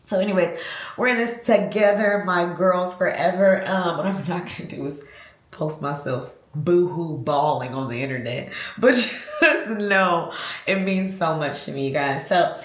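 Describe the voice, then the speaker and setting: A woman, talking casually to her viewers in a warm, heartfelt, faith-filled vlog from her home. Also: on the low side, unhurried, echoey room. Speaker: lifestyle vlogger. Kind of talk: casual vlog talk to camera. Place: room at home.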